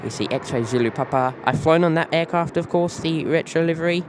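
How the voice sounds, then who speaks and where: A man's voice: fairly high pitch, a little fast, noisy background. A man with an Australian accent hosting a live plane-spotting stream, rambling loosely and greeting viewers by name.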